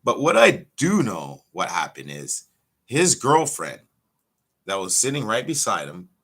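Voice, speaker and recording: Pro wrestler, male, blunt and foul-mouthed, bright edge to a lowish voice. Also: wildly swooping pitch, unhurried, breathy edge. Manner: profane, blunt storytelling. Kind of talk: casual livestream rant.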